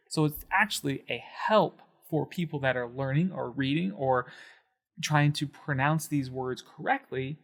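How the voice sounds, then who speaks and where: A man explaining Spanish accent marks in a patient whiteboard lesson, slowing down to stress syllables. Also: mid-range voice, a bit bright. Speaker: Spanish teacher.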